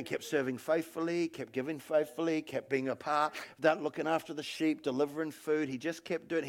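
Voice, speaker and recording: A male pastor giving an animated sermon and calling on the congregation to respond. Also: a little high. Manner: animated preaching, calls on the congregation.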